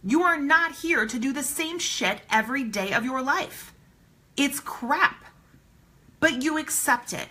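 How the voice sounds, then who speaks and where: A woman's voice: sits high, animated, a little slow, pushed and bright, poor audio. A woman giving a live-streamed motivational talk, emphatic and blunt, swearing casually and repeating her points for emphasis. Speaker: motivational speaker.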